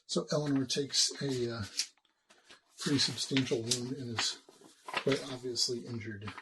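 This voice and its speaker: A man as game master, narrating rules and combat with many pauses and fillers, recorded on a binaural microphone. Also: medium pitch, noisy background. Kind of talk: running a tabletop game.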